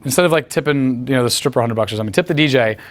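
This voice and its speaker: A man's voice: mid-range voice, racing. A man telling crude, boastful, rambling stories full of profanity in a casual interview. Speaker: guest talking about picking up women.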